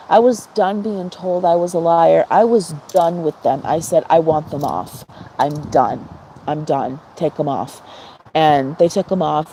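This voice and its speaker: A woman's voice: fairly low pitch, warm tone, a little hiss or hum, low-quality recording. Chatty woman telling stories, laughing often. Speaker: live stream host. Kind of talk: casual storytelling to viewers.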